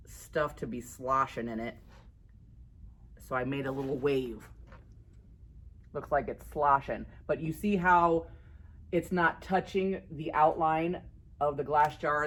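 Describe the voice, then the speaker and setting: A woman art teacher, low-voiced, gives an easygoing drawing tutorial, upbeat and chatty and laughing at her own work as she goes.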